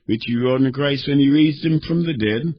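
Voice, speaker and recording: A man preaching a sermon, swinging between fervent shouting and quieter teaching as he reads scripture. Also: medium pitch, normal speed. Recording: dull lo-fi recording.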